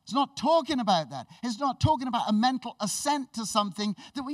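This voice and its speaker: A man preaching a sermon with enthusiastic, animated storytelling, laughing and restarting as he goes. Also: very high-pitched, fairly quick, few pauses, no room sound, far from the mic.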